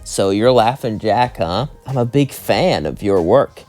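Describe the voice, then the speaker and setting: A man's voice: lowish voice, lively intonation, measured pace, darkish tone, faint music behind. A man doing a smug, genteel radio demon.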